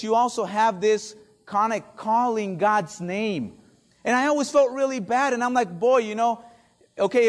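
A male pastor whose first language is Spanish, preaching a sermon with dramatic drops to near-whispers for emphasis. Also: high-pitched. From Spanish-speaking country.

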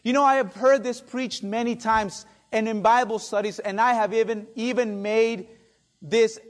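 A man's voice: high voice, fairly even intonation, moderate pace. A male pastor whose first language is Spanish, preaching a sermon with dramatic drops to near-whispers for emphasis. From Spanish-speaking country.

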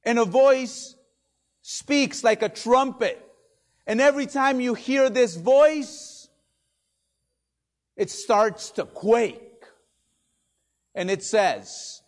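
A male pastor from a Spanish-speaking country, whose first language is Spanish, preaches a sermon in a very high voice. He speaks very slowly with frequent pauses and drops dramatically to near-whispers for emphasis.

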